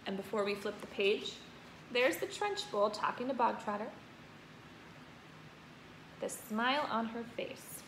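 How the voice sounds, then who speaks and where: A woman teacher reading a children's book aloud, pausing to point out the pictures. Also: fairly high pitch, a bit bright. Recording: roomy echo, faint noise.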